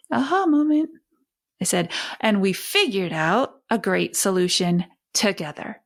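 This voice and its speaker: A woman parenting educator hosting a talk, speaking expressively and acting out warm back-and-forth with a child as she teaches. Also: fairly low pitch. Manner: expressive, emphatic, acts out dialogue with a child.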